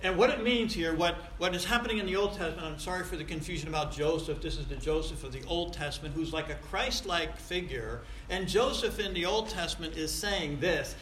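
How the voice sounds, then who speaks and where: A male pastor preaching a sermon emphatically, with big swings in loudness. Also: on the high side, brisk, hardly any pauses. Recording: echoey room.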